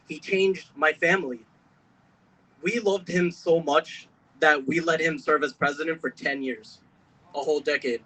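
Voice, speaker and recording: A young man giving an emotional speech at an outdoor protest, building from steady storytelling to shouting. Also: on the high side, rough recording. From Pennsylvania. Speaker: protest speaker. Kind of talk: impassioned rally speech.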